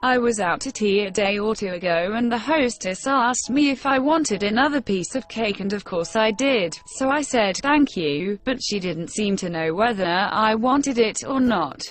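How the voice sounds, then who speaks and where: A woman reading an English textbook lesson aloud, in a measured dictation manner for learners. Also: mid-range voice, lively intonation. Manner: measured, careful dictation pace.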